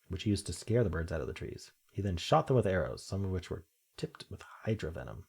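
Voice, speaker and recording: A man with a deep, gravelly voice works through a crossword, reading clues aloud and muttering his guesses as he goes. His tone is husky and unpolished, the sound of someone thinking out loud on his own. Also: big pitch swings, quick pace. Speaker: crossword-solving video host. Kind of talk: thinking aloud while solving a puzzle.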